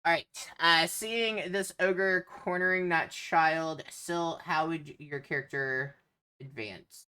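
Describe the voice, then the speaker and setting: A woman runs a tabletop game as its narrator, pausing often with ums as she sets the scene. Her voice is low yet bright and clear. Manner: hesitant, lots of ums. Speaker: game master.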